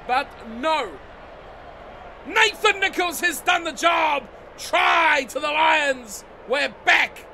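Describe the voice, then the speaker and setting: A man giving excitable let's-play commentary on a rugby video game, swearing and yelling at his own team. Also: very high-pitched, slow, noisy background. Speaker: gaming channel host. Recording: game music playing behind the voice.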